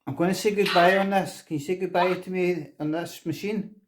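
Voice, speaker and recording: A middle-aged man on a ghost hunt, asking slow, coaxing questions to an unseen presence inside an old castle. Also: sits high, steady tone, noisy background. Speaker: paranormal investigator.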